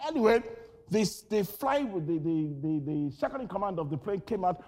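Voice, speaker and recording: A Nigerian-born man preaching a sermon, shouting and repeating phrases with rising intensity, telling personal stories in an animated way. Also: very high voice, moderate pace.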